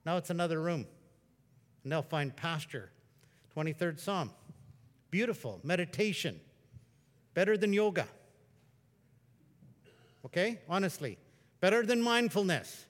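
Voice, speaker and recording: Male preacher, slightly high voice, conversational sermon delivery, long hall echo. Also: measured pace, long pauses. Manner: conversational storytelling preacher, bursts into excited exclamations. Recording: long reverb of a large hall.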